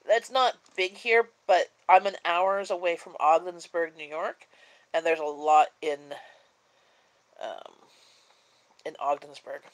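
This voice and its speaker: A woman's voice: on the low side, fairly even intonation, takes it slowly, pauses often, poor audio. Sleepy, chatty woman. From Canada. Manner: rambling and chatty, many fillers. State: sleepy, yawning. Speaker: live-stream host. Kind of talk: casual live-stream chat.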